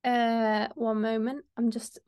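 A woman's voice: on the high side, level tone, slow, darkish tone, clean tone. A young woman hosting a casual podcast, chatting in a rambling way with lots of fillers. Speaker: podcast host.

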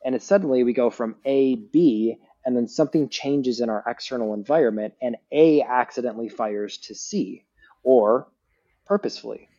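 A man's voice: medium pitch, moderate pace, lo-fi sound. A man speaking as a guest neuroscientist in a casual podcast chat, explaining ideas like a teacher and often checking in with "right?". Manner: animated teacher, frequent "like" and "right?".

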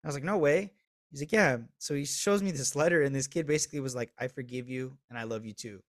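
Quick-paced and mid-range in voice, this thirtysomething podcast guest shares a frank personal story laced with curses, his volume shifting from loud to hushed. The recording is dry.

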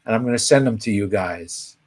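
A man impersonating an elderly male comedian, gushing with showbiz warmth and breaking into goofy squeals. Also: fairly low pitch, brisk, slightly rough. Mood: grandiose. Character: elderly male comedy legend, zany and sentimental. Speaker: host.

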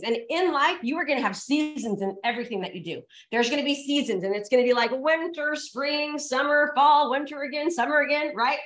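A woman's voice: sits high, a little fast, fairly bright tone. A woman giving a motivational talk to a live audience, emphatic and repetitive as she coaxes the crowd. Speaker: motivational speaker. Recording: echoey room.

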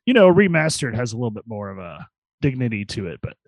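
Wry, lively-voiced man cracking jokes. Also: medium pitch, quick pace, no echo. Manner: wry jokes, dry asides. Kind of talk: casual chat.

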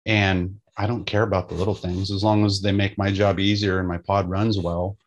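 A man's voice: deep voice, little pitch movement, a little fast, lo-fi sound. A man who works as a jail deputy, talking bluntly and casually about the job in a podcast chat.

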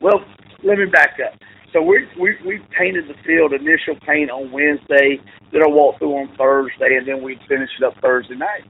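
A man, a coach, rambles through funny stories, laughing and correcting himself as he goes. His fairly high, gravelly voice swings widely in pitch. It comes through a thin, phone-like line with faint noise. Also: steady tone, normal speed. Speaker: football coach, guest. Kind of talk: casual storytelling.

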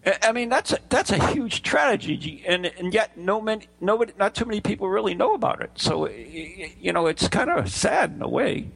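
A man's voice: high-pitched, big pitch swings, a little fast, gravelly, few pauses, a bit bright, slightly rough. A man co-hosting a casual chat show, rambling and teasing, often stumbling over his words. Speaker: podcast co-host. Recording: voice breaking up over an online call.

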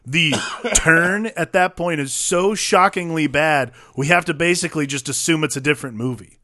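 A man's voice: a little high, moderate pace, sharp tone. A man co-hosting a casual movie review podcast, rambling and profane, full of fillers. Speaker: podcast co-host.

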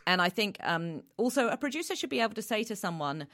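A woman's voice: medium pitch, big pitch swings, fast, a bit bright, no room sound, studio quality. A woman who produces voice reels, talking through her advice in a casual interview, chatty and full of restarts. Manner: chatty, with many restarts and fillers. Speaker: voice reel producer.

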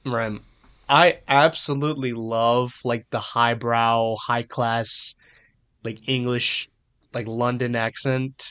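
A man co-hosting a podcast, chatting casually in a rambling, halting way with many restarts. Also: medium pitch, fairly even intonation, pushed and bright, smooth, no room sound. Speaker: podcast co-host. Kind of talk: casual chat.

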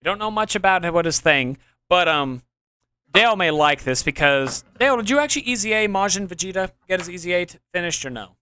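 A man's voice: high voice, expressive, fairly quick, sharp tone, clear, resonant tone, dry recording. A young man hosting a casual gaming podcast, rambling and restarting as he explains his ideas with enthusiasm. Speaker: podcast host.

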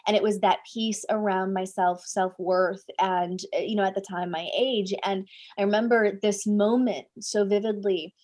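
A woman's voice: mid-range voice, normal speed, hardly any pauses. A woman speaking English as a second language, a life coach telling a personal story in an interview, with lots of "right?" and "like". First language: not English. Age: 20s at the time recalled; now older. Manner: animated, many "right?" tags and "like" fillers.

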